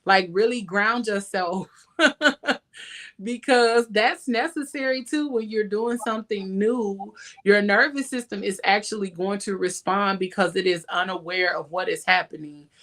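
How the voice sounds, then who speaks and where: A woman hosts a casual advice talk. She speaks emphatically and laughs between points, at a middle pitch. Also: unhurried, fairly bright tone. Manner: emphatic, laughs often, sings a line. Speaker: podcast host.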